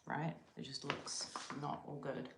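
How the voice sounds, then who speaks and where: A woman's voice: sits low, level tone, a little slow, vocal fry, very noisy. A tired woman with a New Zealand accent, rambling sleepily as she chats casually with livestream viewers. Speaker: livestream host. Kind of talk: casual live-stream chat.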